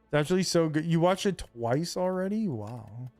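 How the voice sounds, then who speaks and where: A man's voice: on the high side, normal speed, dry recording. A man streaming a video game, chatting casually with his viewers in a loose, rambling way full of fillers. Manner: rambling, relaxed, lots of fillers.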